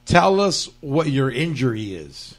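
Joking SoCal podcast host asking questions. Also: male voice, medium pitch, big pitch swings, a little slow. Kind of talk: casual chat.

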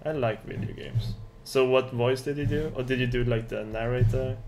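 A man's voice: mid-range voice, steady tone, moderate pace, a little mellow, slight background noise. A man working on a game on stream, trading dry, teasing banter. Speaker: indie game developer. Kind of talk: casual chat on a dev stream.

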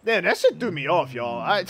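A man giving gaming commentary, excitable and profane, reacting out loud as he plays. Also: sits high. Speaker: gaming video host.

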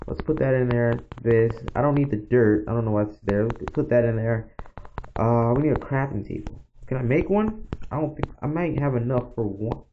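A man's voice: mid-range voice, normal speed. A man giving casual, rambling commentary as he plays a game, talking straight to his viewers. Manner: chatty, rambling, talks to viewers. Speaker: gaming channel host. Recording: dull lo-fi mic with faint noise.

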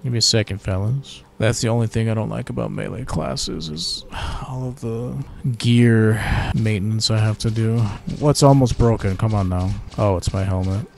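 A man hosting casual gameplay commentary, relaxed and chatty as he thinks aloud while playing. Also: on the low side, normal speed, vocal fry. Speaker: gaming channel host.

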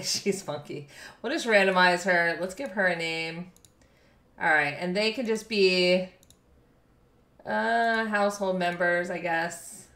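A woman's voice: lowish voice, fairly bright tone. Bubbly woman streamer in echoey room. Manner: bubbly, reads and thanks chat, laughs often. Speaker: game streamer. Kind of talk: live game stream chat. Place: home room.

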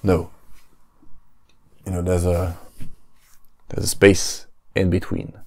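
A man, a podcast host musing aloud in a slow, low-key, deadpan way. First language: French. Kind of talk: casual solo podcast musing.

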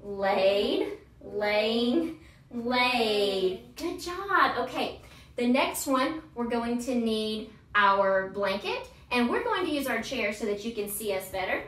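Coaching a child through grammar, a woman in her thirties who teaches homeschool and hosts a channel chants verb forms in a cheerful sing-song. Her voice is on the high side, a bit bright and unhurried, and it comes from a distance with a roomy echo.

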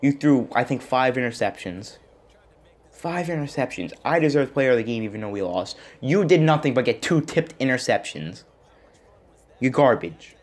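A young man giving excited gameplay commentary as a gaming channel host, groaning and yelling at his team. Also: fairly low pitch. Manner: frustrated, yelling at the game. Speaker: gaming YouTuber.

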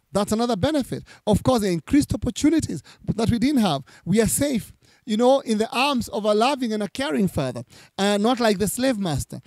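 High, mellow-voiced preacher man. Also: no echo. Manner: preaching with scripture readings and repeated emphasis. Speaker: pastor. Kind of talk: sermon.

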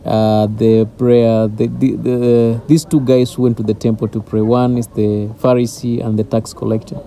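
A man's voice: mid-range voice, level tone, moderate pace, dark tone. A man giving an informal devotional talk as a Christian teacher, earnest and driving his points home through repetition.

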